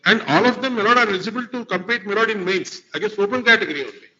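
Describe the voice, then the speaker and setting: A man's voice: sits high, racing, bright, forceful tone. A man arguing formally before a court as an advocate, deferential and constantly addressing the bench. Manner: formal, deferential, repeats "my lord" often. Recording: dull lo-fi courtroom recording.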